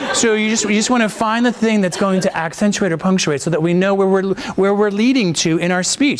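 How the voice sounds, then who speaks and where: A man coaching a voiceover workshop, enthusiastic and quick to heap praise on his students. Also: high voice. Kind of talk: coaching a class.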